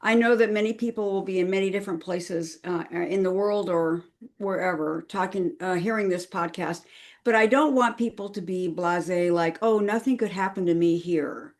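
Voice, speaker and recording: A woman's voice: fairly low pitch, normal speed. A woman speaking as a guest on a podcast interview, chatty and earnest, with frequent fillers and restarts. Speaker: crisis management consultant, podcast guest.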